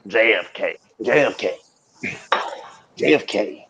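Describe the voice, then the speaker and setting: A man riffing in a grandiose, preacher-like comedic oration, drifting from hushed whispers to loud declaiming. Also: on the low side, expressive, slow pace, pauses often, husky, rough recording. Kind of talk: improvised comedic mock oration.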